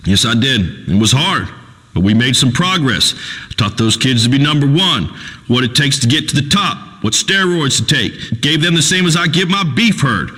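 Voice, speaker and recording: A crude, pompous radio host, booming through a long hall reverb. His voice rides high and bright, swinging up and down as he blusters in folksy broken grammar. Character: crude redneck male talk radio host. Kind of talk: comedic radio talk show acting.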